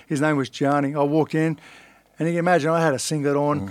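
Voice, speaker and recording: Middle-aged Australian man, somewhat high voice, blunt storyteller who swears and acts out quotes, dry close mic. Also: little pitch movement, quick pace, no echo. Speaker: podcast guest, fighter. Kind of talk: casual storytelling.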